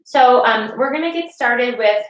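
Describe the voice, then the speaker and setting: A woman's voice: a little high, a little slow, reverberant, low-quality recording. A woman leading a family yoga class from her couch at home, talking to children in a patient, encouraging way. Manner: patient, encouraging, speaks to kids.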